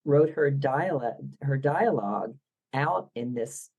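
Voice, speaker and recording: Philadelphia woman, interview guest, wry and opinionated, lively delivery. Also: extremely low pitch, takes it slowly, slightly rough, narrow, tinny audio. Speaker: guest author. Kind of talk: podcast interview.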